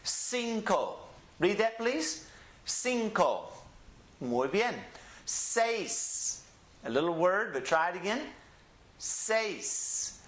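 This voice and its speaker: A man's voice: high voice, sing-song, a bit bright, reverberant. A man with a Southeast Texas accent teaching a Spanish lesson, drawing out each word and having learners repeat after him. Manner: slow, drawn-out enunciation with call-and-repeat drills. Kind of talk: classroom-style language lesson.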